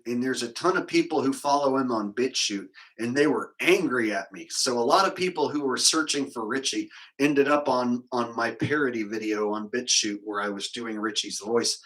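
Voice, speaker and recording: A man hosting his own video, talking casually and mocking in an incredulous, animated way. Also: mid-range voice, poor audio. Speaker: comedian and video host. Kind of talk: casual comedic commentary.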